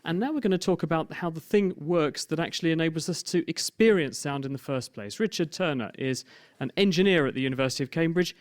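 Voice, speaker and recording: A man hosting a live science radio show at a science centre, steering the guest with brisk, guiding questions. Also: a little high. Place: science centre event room.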